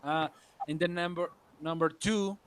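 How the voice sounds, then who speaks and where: A man's voice: on the high side, steady tone, a little slow, smooth, dry recording. Man hesitantly asking about English grammar. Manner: hesitant, tentative questions. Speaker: English student. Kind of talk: online class conversation. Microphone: video call.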